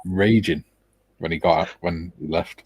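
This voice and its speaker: A man's voice: deep voice, steady tone, a little slow, a little mellow, husky, dry recording. A man from Britain co-hosting a casual chat, telling anecdotes and acting out the dialogue in them. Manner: storytelling, acts out quoted dialogue. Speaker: co-host.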